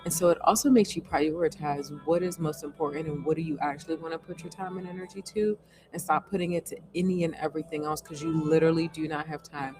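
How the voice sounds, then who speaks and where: Woman host, casual live chat, earnest and animated, coaching tone, faint music behind. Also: low-pitched, fast. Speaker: host answering viewer comments.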